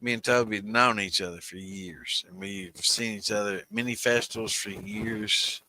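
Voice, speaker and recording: A man's voice: lowish voice, fairly even intonation, normal speed, bright, forceful tone. A man, hosting a livestream in rambling, profane casual chat and calling out viewers by name. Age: 60s. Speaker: host of a moonshine livestream.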